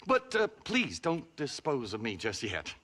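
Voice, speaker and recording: An actor playing a foppish, giggly writer from back east who talks flamboyantly and theatrically. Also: male voice, medium pitch, wildly swooping pitch, measured pace, a bit bright, slight background noise. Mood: giddy.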